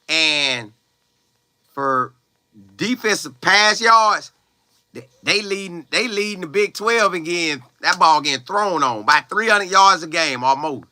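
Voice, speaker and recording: A man's voice: fairly high pitch, pushed and bright, clear, resonant tone, dry recording. A young man who plays college football, livestreaming and answering viewer comments in a loose, slangy, chatty way with frequent exclamations. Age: young adult. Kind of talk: casual live chat, reading viewer comments aloud.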